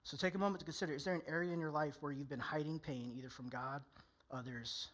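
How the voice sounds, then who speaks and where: A man's voice: a little high, steady tone, fast, fairly bright tone. A male pastor preaching a candid, conversational sermon in church, often acting out people's inner voices.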